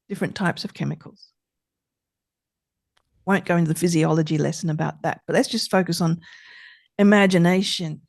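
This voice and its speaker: A middle-aged woman therapist talking as a podcast guest, expressive and emphatic, repeating her key points. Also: mid-range voice, no room sound, studio quality. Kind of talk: conversational podcast interview.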